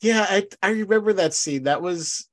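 A man with a fairly high voice, guesting on a podcast. He chats in a playful, easygoing way, laughing often and agreeing eagerly with the host. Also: normal speed. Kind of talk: casual podcast chat.

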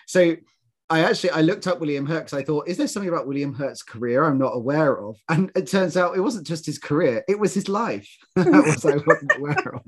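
A man from the UK co-hosting a podcast, chatting casually, halting and laughing at his own jokes. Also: a little high, animated, breathy edge. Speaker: podcast co-host. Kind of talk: casual chat.

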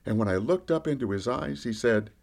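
In a first-person monologue, a podcast storyteller plays a candid fisherman disciple recounting his own experiences. His voice is mid-range and fairly quick, and his lively narration rises and falls with the action.

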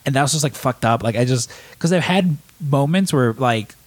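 A man's voice: medium pitch, expressive, moderate pace, no room sound. A man chatting casually in a rambling way, with lots of "like" and swearing. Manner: rambling, says like a lot, swears. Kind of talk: casual chat.

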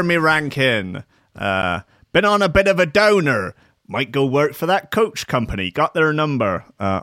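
A man's voice: lowish voice, fairly bright tone, no echo. A man hosting a DJ show from a studio desk, rambling and swearing with self-mocking humor. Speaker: DJ and show host. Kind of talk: casual chat. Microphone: webcam setup.

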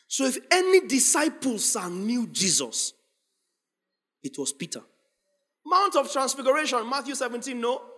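A man preaching a sermon, acting out scripture scenes and building up to shouted lines. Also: extremely high pitch, sing-song, normal speed. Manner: dramatic, acts out scripture voices, builds to shouting. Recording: long hall reverb.

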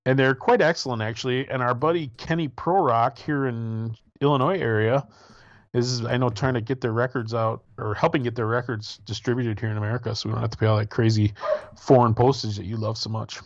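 A man chats on a podcast, rambling loosely and joking with his co-host. His voice sits at an ordinary pitch and comes through dry and close. The sound is a bit dull and lo-fi. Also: fairly even intonation, a little fast, no echo. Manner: rambling, jokey, swears casually. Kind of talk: casual chat.

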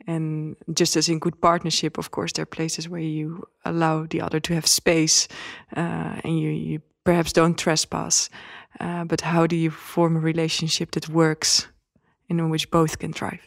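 A woman's voice: sits low, completely flat delivery, normal speed, vocal fry, no echo, clean studio sound. A woman thinking aloud in a group discussion, searching for her words.

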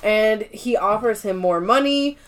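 A woman with a mid-range voice speaks a little slowly as she co-hosts a podcast, recapping TV episodes in easy chat. She swears freely, leans on "like" constantly, and performs the characters' lines in put-on voices.

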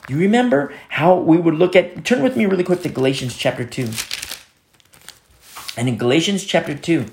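A man's voice: fairly high pitch, expressive, moderate pace, slight background noise. Earnest preacher man in an echoey room. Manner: earnest, repetitive, often drops to a soft hush. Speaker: pastor. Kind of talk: sermon.

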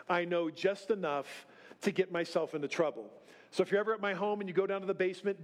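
A middle-aged male pastor with a noticeably high voice delivers a sermon in a church. He talks in a folksy, self-deprecating way, often tossing in a "right?" to the congregation. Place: church sanctuary.

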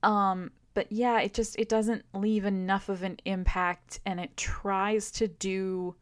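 A woman co-hosting a podcast, weighing her opinions in careful, hedged casual chat at a middle pitch. She is recorded close on a dry mic. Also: level tone, slow, clean tone, no echo. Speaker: podcast co-host.

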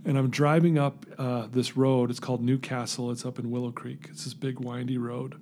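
A man telling his recovery story in an interview, earnest and animated, acting out the voices in his story. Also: medium pitch, moderate pace, slight background noise.

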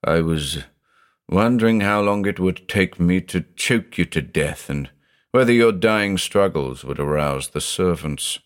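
A deep-voiced man doing a haunted old judge. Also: lively intonation, measured pace. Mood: grave. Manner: intense, growling, confessional. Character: haunted, obsessive older male judge, brooding.

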